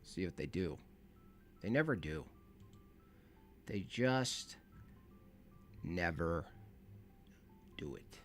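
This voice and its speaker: A man's voice: low voice, animated, very slow, long pauses, soft background music. A man hosting a call-in livestream, chatting casually and rambling to himself as he sets things up. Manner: rambling, laid-back, talks to himself while setting up. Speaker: livestream host.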